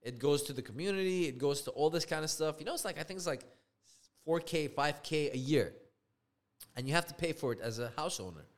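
Animated young man telling a story. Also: brisk. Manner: animated, acts out quoted people, swings from loud outrage to low deflated tones; swears freely. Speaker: podcast co-host. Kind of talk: storytelling casual chat.

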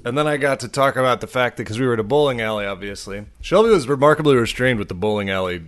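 A man's voice: medium pitch, expressive, fast, a bit bright. A young man co-hosting a podcast in casual chat, joking and swearing, laughing often. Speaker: podcast co-host.

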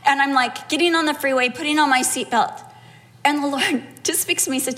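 A middle-aged woman delivers a sermon in a high voice. She tells her stories vividly and acts out what people said along the way. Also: a little fast. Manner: storytelling with animated acted-out quotes. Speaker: preacher.

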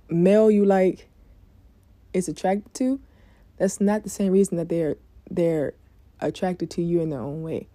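A woman's voice: medium pitch, warm tone, no room sound. A woman telling a story to her viewers in a casual, candid way and swearing freely. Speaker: vlogger giving dating advice.

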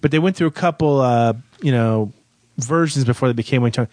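A man hosting a casual podcast about music, explaining facts about a band in a relaxed, informative way. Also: medium pitch, fairly quick, no room sound. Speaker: host. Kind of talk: casual radio podcast chat.

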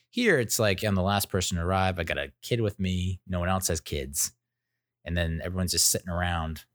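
A man's voice: low voice, fairly bright tone, no echo, clean studio sound. A man in his thirties telling a casual story as a podcast host, rambling and self-interrupting with wry, jokey asides.

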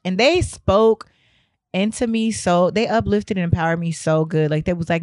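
A young woman telling a story in a casual, animated way, her voice hoarse from losing it, laughing and swearing often. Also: fairly low pitch, brisk, no echo, clean studio sound. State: hoarse from a lost voice.

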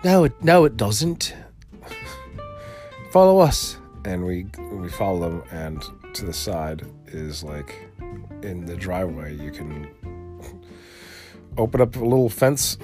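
A man with a lowish voice hosts a solo podcast and talks casually. His pitch swings widely as he rambles and swears, and he often stops to restart a sentence. Faint guitar plays behind him. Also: animated, moderate pace, mellow. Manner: rambling and profane, with frequent restarts. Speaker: podcast host.

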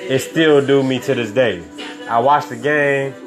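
A man's voice: medium pitch, steady tone, a little slow. Easygoing man guesting on a livestream. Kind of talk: casual livestream chat. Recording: music playing behind.

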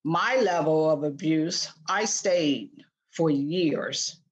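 A woman's voice: deep voice, slow. A woman in her sixties, a guest author speaking earnestly in an interview, often restarting her sentences. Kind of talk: podcast interview.

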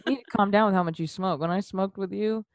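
A woman's voice: medium pitch, fairly even intonation, fast talker, no room sound. Teasing, laughing young woman co-host. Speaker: podcast co-host. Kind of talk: casual podcast chat.

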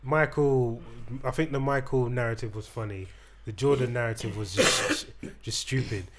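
A man's voice: mid-range voice, steady tone, normal speed, heavy background noise. A young man hosting a casual chat, rambling and teasing with frequent restarts. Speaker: podcast host.

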